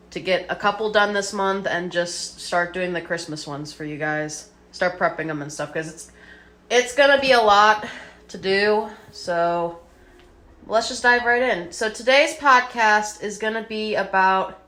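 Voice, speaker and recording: A woman's voice: medium pitch, a bit bright. A woman co-hosting a casual podcast, chatty and full of fillers, swearing now and then. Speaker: podcast co-host.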